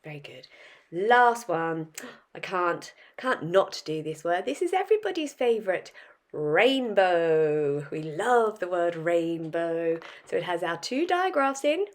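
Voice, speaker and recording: A woman's voice: on the low side, very animated, takes it slowly. A woman teaching a phonics lesson to young children, sounding out words and asking questions. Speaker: primary school teacher.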